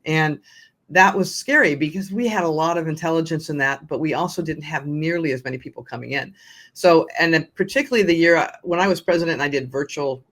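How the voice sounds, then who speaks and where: A woman's voice: deep voice, quick pace, fairly bright tone. An older woman, a nonprofit founder, telling her story as a podcast guest in an earnest way with frequent restarts. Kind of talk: conversational storytelling.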